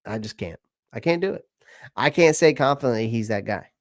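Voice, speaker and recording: A man's voice: mid-range voice, animated, brisk, no room sound, studio quality. A man from South Carolina, hosting a casual live stream, reading out viewer comments and answering them in a chatty way that repeats his points. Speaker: channel host answering live chat.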